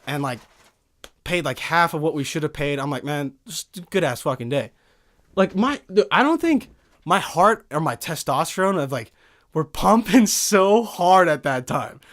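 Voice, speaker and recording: A man in his twenties hosting a casual podcast chat from a studio, excitable and profane, forever saying dude. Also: a little high, normal speed. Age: 20s. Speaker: podcast host. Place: recording studio.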